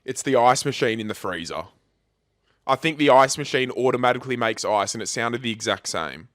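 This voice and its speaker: A young Australian man co-hosting a podcast in casual chat, animated and full of swearing and "bro". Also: medium pitch, a little fast, dry recording, clean studio sound. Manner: animated, swears a lot, keeps saying bro. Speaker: podcast co-host.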